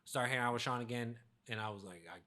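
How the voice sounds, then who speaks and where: A man's voice: mid-range voice, fast talker, sharp tone. A young man co-hosting a casual podcast chat, telling stories about his past and laughing often. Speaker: podcast co-host.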